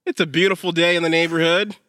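A man co-hosting a podcast in casual chat, playful and giggly, his voice jumping up when he gets excited. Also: fairly high pitch, quick pace, smooth, no room sound. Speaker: podcast co-host.

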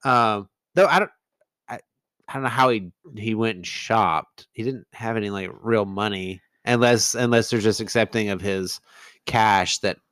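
A man's voice: fairly low pitch, normal speed, a bit bright, clear, resonant tone, dry recording. A man co-hosting a casual movie chat, wry and questioning, who often trails off. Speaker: podcast co-host.

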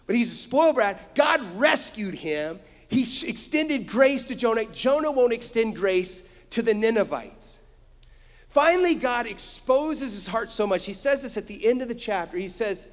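A man's voice: extremely high pitch, expressive, normal speed, long reverb tail. A man preaching a sermon, emphatic, with frequent rhetorical asides to his listeners. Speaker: pastor.

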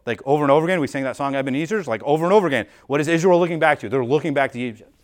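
Speaking very fast at a fairly high pitch, this man preaches as a pastor in an informal, explanatory style. He works through the text conversationally, frequently restarting and saying "like" a lot.

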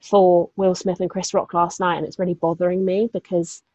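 A woman's voice: on the low side, flat delivery, normal speed, warm tone, dry recording. A young woman rambles through casual podcast chat, peppering it with fillers, asides and the odd curse. Her voice sits in an average range and comes through dry and close. The recording is a little dull and muffled, like a simple home setup. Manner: chatty, swearing, lots of fillers and asides. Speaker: podcast co-host.

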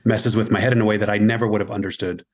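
Male podcast guest, low and husky, earnest and emphatic, keeps restarting himself. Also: flat delivery, racing. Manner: earnest, emphatic, self-interrupting. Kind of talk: casual movie podcast chat.

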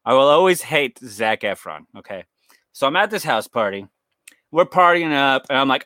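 In a bright, tense mid-range voice with big pitch swings, a young man co-hosting a casual podcast talks at a moderate pace. The recording is close and dry with no room sound, and his long, profane stories come with acted-out voices of the people involved.

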